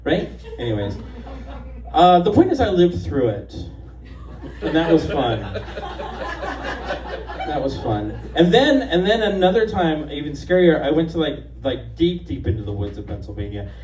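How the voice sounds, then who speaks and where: A man's voice: on the high side, big pitch swings, normal speed, pauses often, a little mellow, distant mic. A stand-up comedian in his fifties from the Los Angeles area, telling stories in a chatty, confident, self-mocking way on a bar stage. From Los Angeles area, USA. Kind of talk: live stand-up set. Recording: echoey bar room from afar, faint noise.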